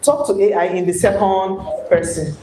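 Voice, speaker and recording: A woman's voice: medium pitch, moderate pace, slight background noise. Nigerian woman lecturing in an echoey hall. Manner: animated, coaxing the audience with repeated points. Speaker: workshop trainer. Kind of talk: live lecture to an audience.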